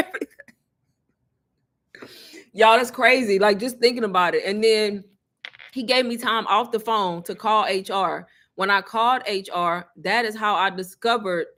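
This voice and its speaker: A woman, casually telling her viewers a story, chatty and animated, often laughing. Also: a little high. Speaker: online business creator.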